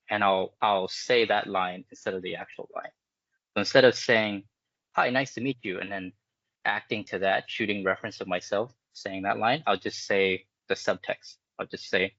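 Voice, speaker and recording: A man's voice: fairly low pitch, fairly even intonation, normal speed, fairly bright tone, no room sound, highs cut off. A man, a game animator, talking casually in an interview, explaining his process with many fillers and restarts. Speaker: animator guest.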